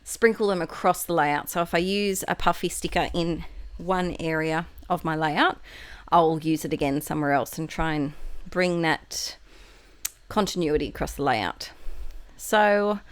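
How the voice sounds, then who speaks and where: A woman's voice: low voice, unhurried, no room sound. An Australian woman chatting through a casual voiceover for her craft video, rambling and correcting herself with little laughs. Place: home, recorded at night.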